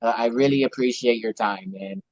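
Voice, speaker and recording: A man's voice: mid-range voice, normal speed, a little mellow, no echo. A man interviewing a guest over a video call, upbeat and thankful, often calling him "man". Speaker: podcast interviewer. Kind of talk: friendly interview questions. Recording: dull, dry video call audio.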